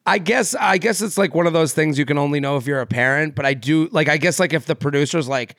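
Casual male podcast co-host, gravelly and a bit high, rambling, dry close mic. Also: fast talker, a bit bright, dry recording. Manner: rambling, many fillers and restarts, laughs often. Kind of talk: casual chat.

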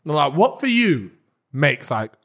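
A man co-hosting a podcast, teasing and firing quick questions in casual chat. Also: a little high, big pitch swings, a bit bright. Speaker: podcast co-host.

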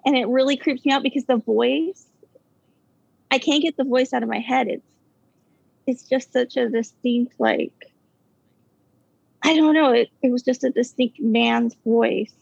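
Gravelly high woman, halting storyteller. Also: no echo. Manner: halting, filler-heavy, nervous laughs. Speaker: caller telling a ghost story. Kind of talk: casual storytelling. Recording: dull, dry lo-fi sound.

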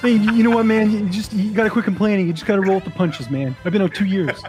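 A man putting on the voice of a brash, cocky male fighter who boasts loudly and leans on fillers like "man". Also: high voice, quick pace, faint music behind, close to an everyday voice. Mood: dismissive. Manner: loud, swaggering, filler-heavy, keeps saying man.

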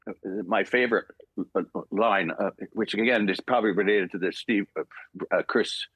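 Older canadian guy, husky lowish voice, tells stories with lots of acted-out bits and laughs, dry close sound. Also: normal speed, no echo. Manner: animated, acts out dialogue, laughs often. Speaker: guest voice actor. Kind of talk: podcast interview storytelling.

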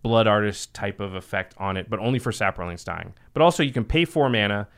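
A man's voice: fairly low pitch, fairly quick, a bit bright. A man hosting a podcast, chatting casually and explaining card game rules step by step. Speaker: podcast host.

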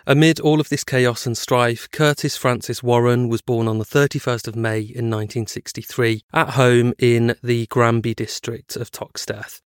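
A man co-hosting a true-crime podcast, moving between a steady scripted narration and loose, hedging chat. His voice is smooth and clear. The sound is dry and close, with no room around it. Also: mid-range voice, normal speed, hardly any pauses, no echo. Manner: reads prepared script, then chats with hedging fillers. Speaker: podcast co-host.

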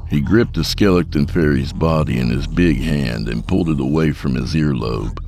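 A man narrating a horror story in a measured, dark storytelling manner. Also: rumbling low, vocal fry, a little hiss or hum. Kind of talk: scripted narration.

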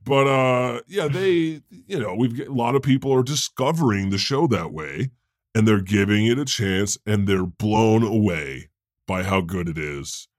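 A man's voice: on the low side, dry recording, clean studio sound. A man playing God, a chatty male deity who hosts an improvised comedy podcast. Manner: conversational, quick to laugh, animated. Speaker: host.

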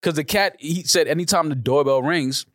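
A man's voice: on the high side, moderate pace, fairly bright tone, no room sound, studio quality. A man co-hosting a podcast in casual chat, blunt and exasperated, swearing freely. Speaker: podcast co-host.

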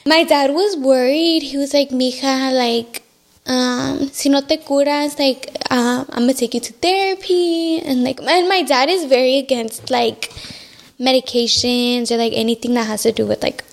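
A woman's voice: high-pitched, steady tone, normal speed, vocal fry. A young woman telling a personal story as a podcast guest, with frequent likes and Spanish words mixed in. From Mexican-American family. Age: young adult. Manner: talks with many likes, mixes in Spanish words.

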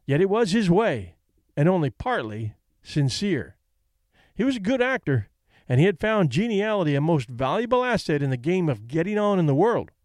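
A man narrating an audiobook with measured, expressive storytelling. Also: high voice, no room sound, studio quality. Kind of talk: scripted narration.

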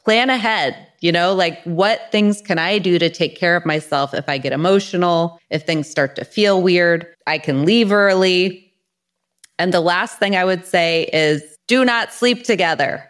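A woman clinical psychologist giving calm, structured advice as a podcast guest. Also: medium pitch, clear, resonant tone.

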